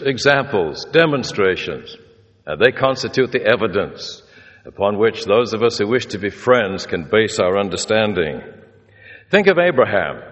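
A man's voice: fairly low pitch, fairly bright tone, muffled recording. A male preacher telling stories in a sermon, acting out the people he quotes. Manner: storytelling, acts out the people he quotes. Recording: reverberant hall.

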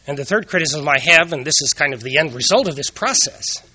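A man's voice: fairly high pitch, expressive, quick pace, pushed and bright, slightly rough, no echo. A man giving an earnest moral talk, telling personal anecdotes and asking rhetorical questions.

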